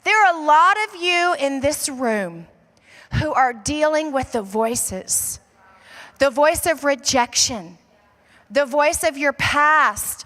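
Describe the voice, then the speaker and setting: A woman pastor preaches in a large church hall, her high voice carrying with a long reverb. She tells her story quickly and casually, then slows down to drive points home. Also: expressive, sharp tone. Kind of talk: sermon.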